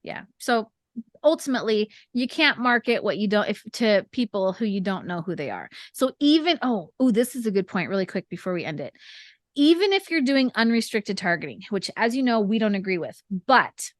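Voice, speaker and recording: A woman's voice: medium pitch, very animated, moderate pace, dry recording, studio quality. A woman and author co-hosting a casual marketing talk. She is chatty, laughs often and acts out little stories as she talks. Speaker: podcast co-host and author. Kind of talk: casual chat, marketing advice.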